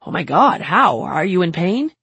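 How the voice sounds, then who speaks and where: A woman voicing a brash, doting older man who talks in a brisk, bossy, affectionate way. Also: on the low side, very animated, a bit bright, breathy edge, dry recording, full character voice.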